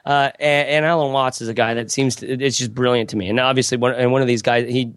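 A man's voice: mid-range voice, steady tone, quick pace, a bit bright, no room sound, clean studio sound. Rambling, restart-prone man in casual chat. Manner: rambling, self-interrupting, frequent restarts. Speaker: podcast guest. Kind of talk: casual conversation.

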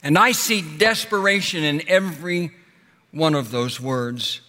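A male pastor preaching a sermon, rising to loud passionate peaks and then dropping soft and slow. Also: on the high side, big-room sound.

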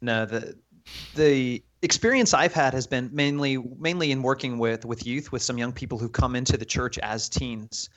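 A man's voice: mid-range voice, normal speed, fairly bright tone. Easygoing man on a video call. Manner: dry joking, easygoing. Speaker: podcast co-host, youth minister. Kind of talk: casual podcast chat over video call.

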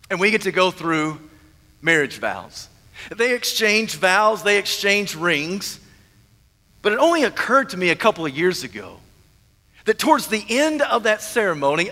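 A man, a minister preaching a sermon with emphatic repetition and drawn-out stresses. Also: high-pitched, pushed and bright, long reverb tail.

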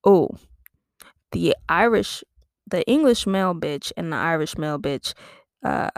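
A woman's voice: on the low side, animated, measured pace, no echo, studio quality. A woman comedian podcasting, making up a silly story in a rambling, giggly, self-amused way. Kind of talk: improvised comic storytelling.

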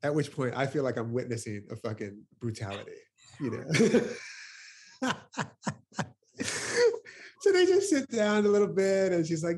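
A man's voice: a little high, lively intonation, unhurried, pauses often, darkish tone. A man telling a personal story as a poet guest over a video call. He talks casually, with plenty of fillers, swears now and then, and laughs often. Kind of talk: reflective conversational storytelling.

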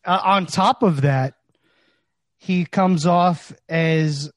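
Podcast co-host, male, slightly high voice, mock-serious comic delivery, dry close sound. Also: extremely slow, dry recording. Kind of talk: casual comedic chat.

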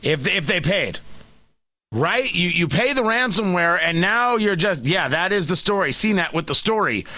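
A man's voice: high voice, lively intonation, moderate pace, sharp tone. A man hosting a talk radio show, delivering an emphatic, combative opinion monologue and often restarting words.

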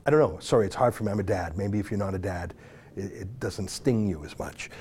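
Brief: male host, dark mellow tone, fervent and pleading, drops to a hush at times. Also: on the low side, animated, fairly quick, a little hiss or hum. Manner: emotional, pleading, swings from loud to hushed. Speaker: show host. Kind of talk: impassioned commentary.

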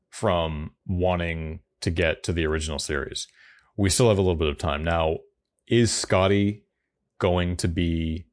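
A man co-hosting a podcast, chatting casually and rambling with frequent restarts. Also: low voice. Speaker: podcast co-host. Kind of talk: casual chat.

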